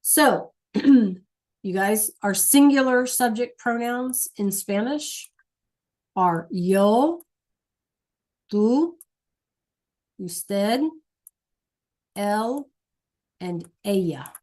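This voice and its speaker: In this classroom lesson, a Spanish teacher speaks at medium pitch with an animated, darkish tone. She is patient in her explanations, frequently checks on her students, and goes over key points slowly.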